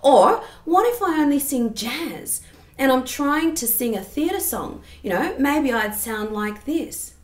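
A woman's voice: sits high, lively intonation, a little slow, echoey room. A woman giving an online singing lesson, explaining technique and stopping to sing short demonstration phrases. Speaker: singing teacher.

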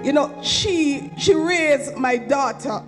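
A woman's voice: high voice, lively intonation, takes it slowly, over music, poor audio. A woman giving an emotional, rambling, heartfelt tribute at a memorial service, near tears at times. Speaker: eulogy speaker at a memorial service.

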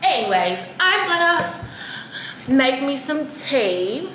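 A sweary, playfully exasperated young woman putting on a posh British accent, chatting at home for a vlog. Her pitch swoops all over, and she takes her time. Faint background noise sits under her voice. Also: sing-song, takes it slowly, roomy sound, exaggerated voice. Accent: put-on British. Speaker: vlogger. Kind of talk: casual vlog monologue. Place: her apartment.

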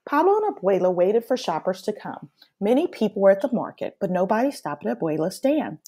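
A woman teacher reading a children's picture book aloud in a slow, expressive way. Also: medium pitch, slightly rough. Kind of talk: storybook read-aloud for children.

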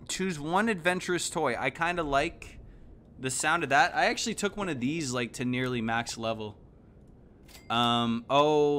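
Young male streamer, higher-leaning voice, loose profane rambling, jumps from mutters to excited yelps. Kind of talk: casual gaming stream chat.

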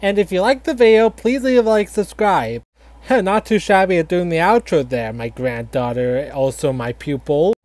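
A man voicing a grandfatherly animatronic fox who tells a satirical history lesson in a halting, filler-heavy ramble. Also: high-pitched, a little mellow, no echo, lightly acted. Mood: rambling. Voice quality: halting, filler-heavy, lots of likes and restarts. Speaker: storyteller grandfather. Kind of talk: casual satirical storytelling.

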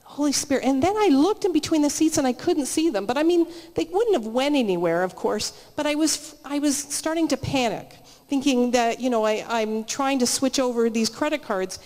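In a reverberant church hall, a woman guest speaker gives a conversational sermon at a live meeting. Her voice is high-pitched and a little mellow at a normal speed, and she tells stories chattily, frequently restarting her sentences.

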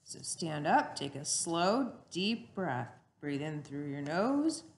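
A woman teacher giving a lesson to young children in a slow, sing-song way. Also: low-pitched, sing-song.

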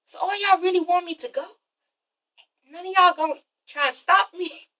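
A hurt, defiant young dancer, as a vlogger puts her on, speaking quietly and a little lower. The voice stays bright and high, with a resigned edge. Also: moderate pace, recorded from a distance.

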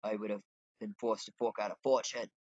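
A man's voice: fairly low pitch, flat delivery, a little fast, a little mellow, husky, no echo. A man voicing a fussy, pompous male cook with grandiose phrasing, reading game dialogue aloud. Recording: dull lo-fi home mic.

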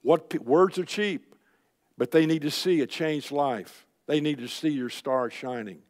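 An older man delivers a sermon at a luncheon in a folksy, emphatic style, pressing his listeners with rhetorical questions. His voice sits a little high. The recording carries the long reverb of a large hall. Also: a little slow, darkish tone. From Texas. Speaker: Christian speaker at a men's luncheon.

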